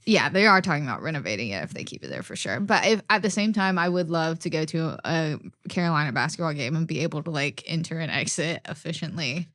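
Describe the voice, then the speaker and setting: A young woman co-hosting a podcast in casual chat, relaxed and chatty and quick to laugh. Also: low voice, no room sound, studio quality. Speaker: podcast co-host.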